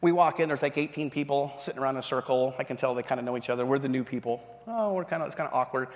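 A man in his thirties giving a sermon testimony, telling the story with animated storytelling and acting out the voices of the people in it. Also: mid-range voice, very fast. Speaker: pastor. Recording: reverberant hall.

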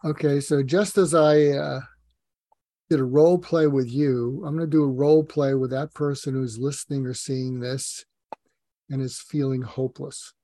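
An older man, a psychiatrist, telling stories earnestly in an interview, pausing often to find his words. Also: mid-range voice, fairly even intonation, dark tone, no echo. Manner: earnest, storytelling with acted quotes, frequent hesitations. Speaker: psychiatrist guest. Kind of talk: conversational interview talk.

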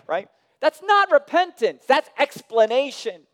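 A man delivers a sermon with a smooth, resonant voice pitched a little high. He drops to near-whispers, then rises to loud, emphatic lines. The sound rings with the long reverb of a large hall. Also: animated, slow pace. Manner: dynamic preaching, dropping soft and rising loud. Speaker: pastor.

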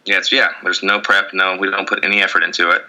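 A man's voice: low voice, level tone, quick pace, pushed and bright, rough recording. A young man co-hosting a casual podcast, joking and ranting with lots of swearing. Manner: rambling, profane, jokey rants. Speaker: podcast co-host. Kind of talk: casual chat.

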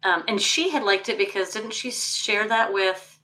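Bright-voiced chatty woman co-host. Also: medium pitch, normal speed, poor audio. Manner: chatty, lots of fillers like "um" and "like". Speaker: podcast co-host. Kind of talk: casual chat.

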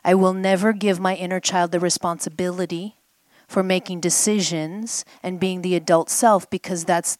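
A woman with a fairly low voice leads a guided healing exercise before a group at a live event. She coaxes and prompts, repeating short phrases for her listener to echo back. The sound is close and dry, with little room around it. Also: fairly even intonation, moderate pace, a little mellow. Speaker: healing coach.

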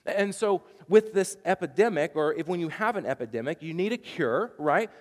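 A man's voice: a little high, expressive, moderate pace, in a large hall. A man preaching a sermon as pastor, telling a chatty story with frequent stammered restarts.

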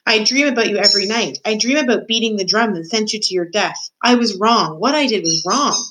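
A woman's voice: medium pitch, a little fast, a bit bright, a little hiss or hum, lightly acted, low-quality recording. Woman voicing a grieving old father mouse. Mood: pleading. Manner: pleading, remorseful.

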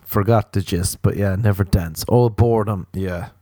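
A young man with an Irish accent telling rambling comic stories, often jumping into squealing high voices. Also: steady tone, normal speed, warm tone, no echo. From Ireland. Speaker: comedian. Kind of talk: comic storytelling monologue.

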